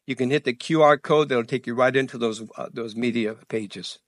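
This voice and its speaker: A man pastor giving church announcements before his sermon, animated and excited, tripping over his words and laughing at himself. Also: mid-range voice, normal speed, no room sound. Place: church sanctuary.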